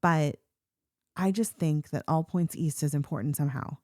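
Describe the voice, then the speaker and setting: A woman's voice: sits low, normal speed, warm tone, no room sound, studio quality. A woman co-hosting a podcast, musing in casual chat and laughing often. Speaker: podcast co-host.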